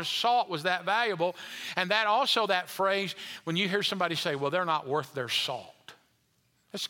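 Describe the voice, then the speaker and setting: A man's voice: high voice, pushed and bright, big-room sound. A man preaching a sermon as pastor, emphatic and repetitive, building in intensity.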